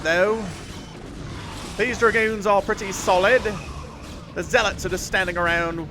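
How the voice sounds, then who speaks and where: A man's voice: background noise, close to an everyday voice. A man putting on a hyped Australian caster. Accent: put-on Australian. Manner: exaggerated slang, raised pitch, loud. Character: cheery over-the-top Australian male game caster. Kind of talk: mock-Australian game commentary.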